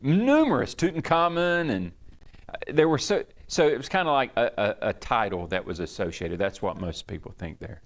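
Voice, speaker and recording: A man's voice: mid-range voice, big pitch swings, normal speed. A man, a pastor teaching a Bible study in a chatty, digressive way in a church. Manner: chatty, digressive, acts out quoted speech.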